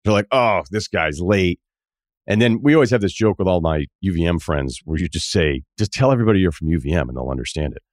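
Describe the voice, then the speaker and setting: Low-voiced man telling a travel story. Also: fast, dry recording, clean studio sound. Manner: animated, acts out quoted dialogue in shifting voices. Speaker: podcast host. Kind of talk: casual storytelling monologue.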